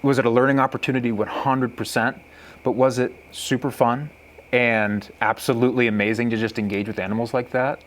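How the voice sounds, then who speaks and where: A young man telling a hunting story in a casual chat, excitable, laughing often and acting out animal calls. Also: medium pitch, brisk.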